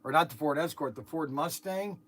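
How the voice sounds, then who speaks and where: A man hosting his channel from a workshop, chatting and telling stories excitedly with lots of exclamations and restarts. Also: fairly high pitch, a little fast. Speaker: channel host. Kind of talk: casual chat in the shop, partly on the phone.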